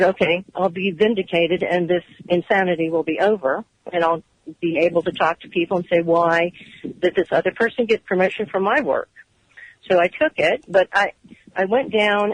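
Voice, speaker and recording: On a radio interview, a woman who used to work for an agency recounts her experience earnestly and in detail, performing the dialogue of people who spoke to her. Her fairly low voice comes through a dry recording with poor audio quality.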